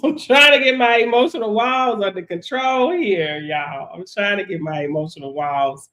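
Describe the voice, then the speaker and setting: Emphatic woman coach on a live stream. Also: medium pitch. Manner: animated and emphatic, swings loud and soft, repeats phrases. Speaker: business coach. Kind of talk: casual live stream chat.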